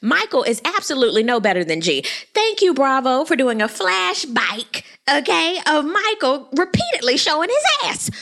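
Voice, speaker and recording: A woman hosting her own reality TV recap show, talking in a sassy, animated way with quick asides. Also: high-pitched. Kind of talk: casual recap commentary.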